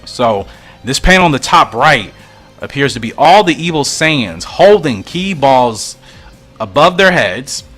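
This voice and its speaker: A man's voice: medium pitch, sing-song, measured pace, a bit bright, slightly rough, soft background music. Man musing over a comic as he reads it. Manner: musing, puzzled, thinking aloud. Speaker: comic reader and reactor. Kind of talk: reading a fan comic aloud with commentary.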